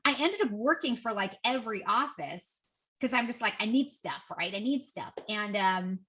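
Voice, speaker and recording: A woman in her forties with a bright, forward tone, chatting as a podcast guest. She tells her stories with energy and slips into the voices of the people in them, raising her pitch for quoted lines. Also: moderate pace. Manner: lively, acts out quoted dialogue with raised pitch. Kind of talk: casual interview storytelling.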